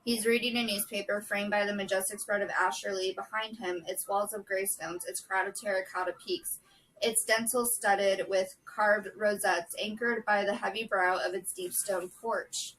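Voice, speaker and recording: Woman reading a book chapter out loud, bright voice, mic kinda far away. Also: medium pitch, slight background noise. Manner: steady, measured reading with brief casual asides. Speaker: book vlogger. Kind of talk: reading a novel chapter aloud.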